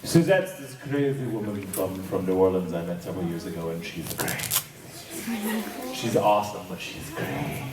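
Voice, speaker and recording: A man's voice: low-pitched, normal speed. A man guesting on a convention panel, answering fan questions playfully and laughing often. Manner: playful, laughs often, slips into silly voices. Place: large convention panel room. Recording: echoey hall, distant, loud crowd noise.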